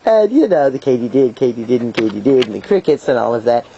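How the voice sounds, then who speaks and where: A middle-aged woman herbalist telling stories in an interview, lively and playful, acting out voices and laughing as she talks. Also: extremely low pitch, fast. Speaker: herbalist guest. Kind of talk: storytelling interview answers. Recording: dull lo-fi video sound, faint hiss.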